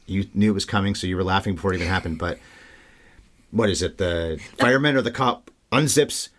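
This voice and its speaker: A man co-hosting a podcast, chatting casually and with energy about a film. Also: low voice. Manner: chatty, animated, quick. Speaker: podcast co-host. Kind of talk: casual film-review chat.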